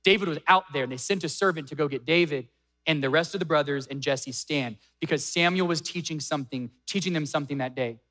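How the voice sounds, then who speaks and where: High bright-voiced preacher telling a story. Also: male voice. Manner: storytelling preacher, dramatic pauses, acts out quoted lines. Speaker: pastor. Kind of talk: sermon.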